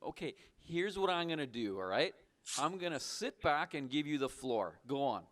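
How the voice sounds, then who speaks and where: A man's voice: fairly high pitch, sing-song, moderate pace, fairly bright tone. A young man hosting a call-in show, teasing a caller in a casual, mock-suspicious way.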